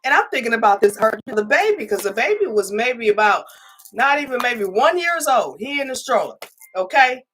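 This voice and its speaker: A woman giving a spiritual reading who chats casually with viewers, stressing her points with a repeated "okay?" and acting out her own sharp replies. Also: fairly high pitch, moderate pace, a little hiss or hum. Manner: animated, repeats "okay?" for emphasis; emphatic, re-enacts her own retorts. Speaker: spiritual tarot reader.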